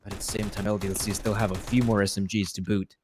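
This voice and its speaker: A man giving live play-by-play on an esports match, steady and analytical in tone. He breaks up the calls with jokes about the game. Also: on the low side, quick pace, a little hiss or hum. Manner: analytical, joking. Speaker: esports caster.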